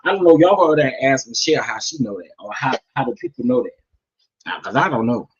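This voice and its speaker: A man doing casual gossip commentary, sassy and animated, talking straight to his viewers. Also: mid-range voice, fast, muffled recording. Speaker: commentary vlogger.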